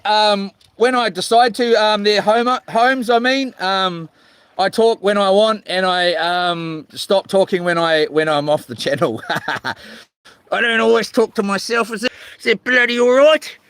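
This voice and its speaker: A man's voice: high voice, unhurried, a bit bright, smooth, dry recording. A man chatting with viewers while fishing outdoors on the ocean, rambling and swearing in mock-grumpy jokes. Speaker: fishing vlogger. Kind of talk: live-stream chat with viewers.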